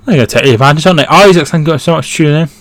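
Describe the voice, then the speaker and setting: A man's voice: fairly high pitch, very fast, a bit bright, no echo. Chatty male football streamer. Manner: chatty, reads out viewer comments and reacts to play. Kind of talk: casual live watchalong commentary.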